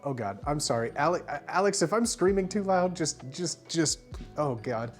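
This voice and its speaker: A tipsy livestreamer talks casually to viewers from home, voice swinging widely in pitch. They often break into loud excited yelps and shouts. Music plays clearly behind the voice throughout. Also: moderate pace. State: tipsy from drinking. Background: music playing.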